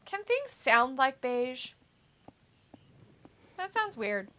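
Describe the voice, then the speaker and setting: A woman's voice: sits high, very animated, extremely slow, bright, forceful tone. A woman co-hosting a casual livestream, reading chat messages aloud and laughing often. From United States. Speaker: co-host reading live chat.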